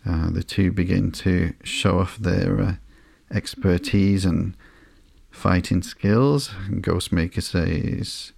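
A man hosting a sleepy podcast, reading through a comic slowly and flatly with frequent ums and uhs. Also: deep voice, gravelly, husky, no echo, clean studio sound. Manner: slow, flat and unhurried, with frequent ums and uhs. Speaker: podcast host.

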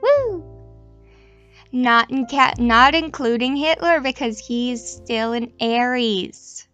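A woman's voice: on the high side, expressive, slow, bright, forceful tone, highs cut off, soft background music. A young woman in her twenties chatting casually, meandering and self-deprecating, often restarting her sentences. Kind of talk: casual rambling chat.

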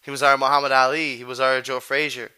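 A man hosts his own podcast in an easygoing, rambling way, full of street slang and swearing. His voice is bright and clear, with a crisp, smooth tone. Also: medium pitch, little pitch movement, quick pace. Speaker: podcast host. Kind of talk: casual chat.

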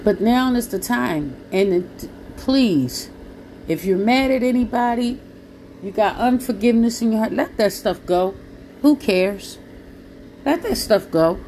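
A woman's voice: on the high side, lively intonation, a little slow, warm tone, a little hiss or hum. A woman with speech, preaching to listeners in an earnest, pleading, blunt way. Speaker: Christian preacher.

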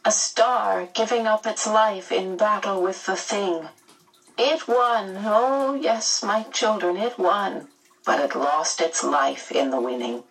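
A woman voicing a sorrowful, motherly star-being who speaks softly and tenderly. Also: medium pitch, takes it slowly, recorded from a distance, rough recording. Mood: sad, tender. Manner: soft, sad and tender.

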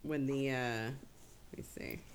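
A woman's voice: rumbling low, steady tone, measured pace, a little hiss or hum. A woman in casual book-club chat, talking things through and laughing often. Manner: chatty, laughs often, acts out quotes.

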